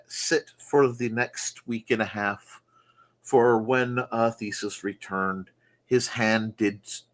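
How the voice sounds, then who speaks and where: A man's voice: mid-range voice, a bit bright. A man hosting a casual morning chat show, joking and riffing on viewer comments in a goofy manner. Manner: goofy, jokey, mock-announcer asides.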